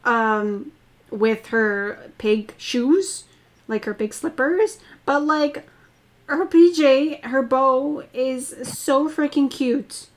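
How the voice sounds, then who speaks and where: A woman's voice: sits high, very slow. A chatty, enthusiastic woman talking casually in a book club, often saying "like". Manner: chatty and enthusiastic, says "like" a lot. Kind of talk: casual group discussion.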